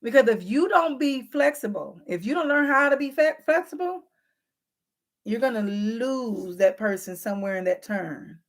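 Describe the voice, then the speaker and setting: A slightly high-voiced woman hosting a casual relationship advice vlog, speaking directly to her audience. She is frank and teasing, and she acts out both sides of everyday arguments. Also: animated, normal speed. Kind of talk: casual advice talk to viewers.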